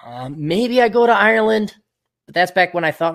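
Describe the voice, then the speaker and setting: A man's voice: high voice, big pitch swings, normal speed, gravelly, a bit bright. A man hosting a casual livestream, reading out donations and rambling in a crude, self-mocking way.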